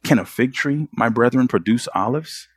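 A male pastor delivers an earnest sermon, firing rhetorical questions at his listeners. His voice sits in a middle pitch. The sound is dry and close, with no room echo. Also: lively intonation, moderate pace, slightly rough.

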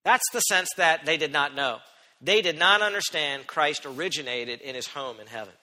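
A man preaching a sermon, swinging from quiet asides up to loud, emphatic quotations. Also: fairly high pitch, normal speed, big-room sound. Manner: expressive, rising to loud emphatic quotes and dropping to quiet asides.

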